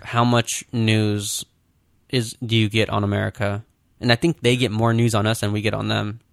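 Male podcast co-host, low and gravelly, loose storytelling delivery, dry sound. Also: flat delivery, moderate pace, fairly bright tone, dry recording. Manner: rambling anecdotes with frequent "like". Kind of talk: casual chat, storytelling.

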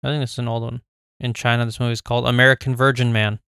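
Gravelly-voiced man co-hosting a chat. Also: mid-range voice, racing, no room sound, clean studio sound. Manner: relaxed, joking banter. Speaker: podcast co-host. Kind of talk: casual chat.

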